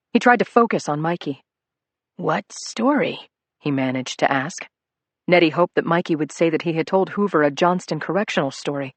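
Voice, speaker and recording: Measured audiobook narrator, dry close sound. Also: mid-range voice, a bit bright, no room sound. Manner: measured, dramatic storytelling.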